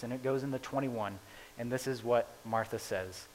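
A man preaching a conversational sermon, retelling a scripture story in casual, animated paraphrase. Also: mid-range voice, normal speed, slight background noise, low-quality recording.

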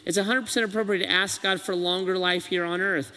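High, bright-voiced preacher in a hall. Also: male voice, fast. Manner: earnest, animated preaching with acted quotes. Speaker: pastor. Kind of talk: sermon.

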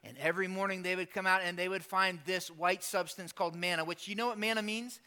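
Male pastor, animated sermon delivery, high and bright. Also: clean tone. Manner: animated, acts out Bible characters in quick asides.

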